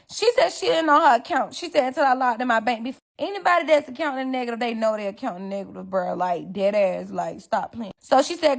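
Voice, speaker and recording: A young woman with a slightly high, expressive, creaky voice talks quickly with hardly any pauses, telling a story about a falling-out with a friend. In this casual story-time vlog she is emphatic and indignant, acting out the quotes from both sides of the argument.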